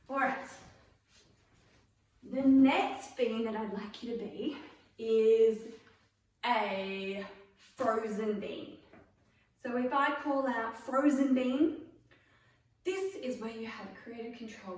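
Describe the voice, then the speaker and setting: A woman drama teacher running an online class for children, playful and calling out cues with bursts of excitement. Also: on the high side. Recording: echoey room, mic far off.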